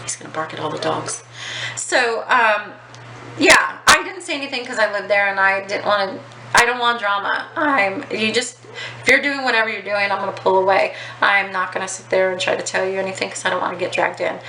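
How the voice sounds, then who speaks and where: A woman with a bright, forceful voice tells a rambling personal story in casual vlog style. She swears freely and fills her talk with ums and likes. The recording is echoey, with faint outdoor noise behind her. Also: mid-range voice, a little fast. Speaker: vlogger.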